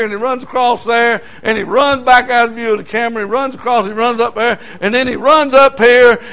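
An older preacher with a high, bright voice. He tells folksy stories from the pulpit in an animated sermon and breaks into shouts. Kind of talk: sermon storytelling.

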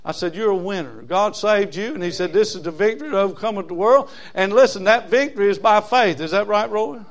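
Folksy preacher, high voice. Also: male voice, a little fast. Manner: folksy preaching, swings from loud emphasis to low asides. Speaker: pastor. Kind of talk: sermon.

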